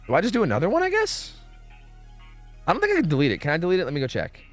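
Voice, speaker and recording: Young guy streaming, kinda high voice, all over the place, thinking out loud and cursing, little bit of music behind. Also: huge pitch swings, racing, long pauses. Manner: rambling, self-questioning, swears freely. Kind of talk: casual gaming stream chat.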